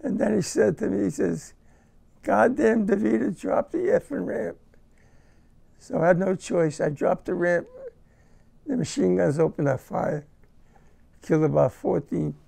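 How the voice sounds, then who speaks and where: Older man, veteran interviewee; high for a man, heavy gravel, emotional and halting. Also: mellow. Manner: halting, repeats words, emotional. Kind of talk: first-person war recollection.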